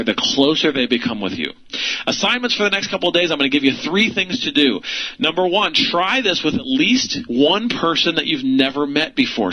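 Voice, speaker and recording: A man's voice: a little high, bright, forceful tone, poor audio. A man teaching an instructional lesson for real estate investors, asking rhetorical questions and laughing lightly.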